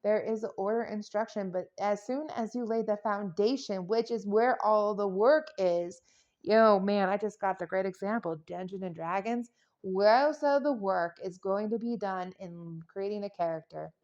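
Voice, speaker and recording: A woman's voice: mid-range voice, normal speed, darkish tone, dull audio. A woman giving a casual tarot reading, chatty and playful, rambling into jokes and silly sound effects. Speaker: tarot reader.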